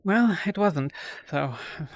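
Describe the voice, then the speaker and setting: A woman's voice: on the low side, animated, slow pace. A woman in character as an investigator, speaking formally and politely, with occasional whispered asides. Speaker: investigator questioning witnesses. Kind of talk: in-character roleplay.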